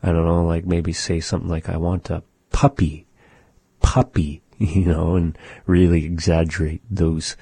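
A man's voice: deep voice, completely flat delivery, normal speed, gravelly, few pauses, warm tone, husky, no room sound. A man giving a patient radio language lesson and demonstrating sounds one by one. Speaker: language teacher.

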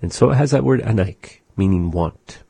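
A man's voice: lowish voice, lively intonation, gravelly, dark tone, breathy edge, no room sound. A man hosting a radio language lesson, patiently saying phrases and explaining their meanings. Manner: slow, patient, repeats phrases. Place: radio studio.

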